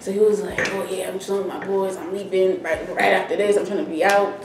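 A woman's voice: medium pitch, fast. A young woman vlogger casually telling a story, acting out what everyone said. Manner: animated, acts out quoted dialogue. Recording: roomy echo, distant mic, faint music.

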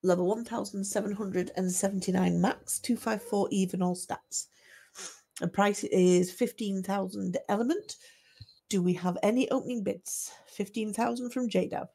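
A woman acting as auctioneer on a game livestream, calling lots and bids in a steady, methodical way. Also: medium pitch, normal speed, vocal fry, slightly rough. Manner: steady methodical lot-calling, selling once, twice, sold.

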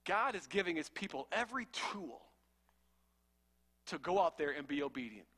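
A male preacher delivering a sermon with a high, bright voice. He sounds fervent and conversational, with slangy asides, and his delivery is forceful. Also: sing-song, moderate pace.

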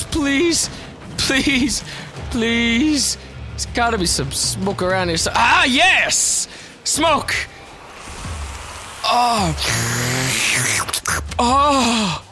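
A young man doing let's play commentary, excitable and swearing, shouting at enemies as he plays. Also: high-pitched. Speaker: gameplay commentator. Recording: game music behind.

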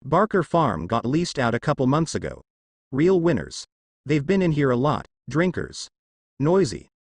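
A man voicing a deadpan, weary male small-town bartender in a fan story reading. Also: medium pitch, normal speed, breathy edge, no echo.

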